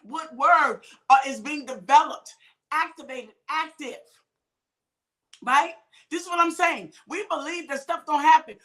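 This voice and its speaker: Woman, minister, call-and-response preaching, high pitch, bright voice, sudden shouts. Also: measured pace. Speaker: minister hosting a midday talk. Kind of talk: preaching to an online audience.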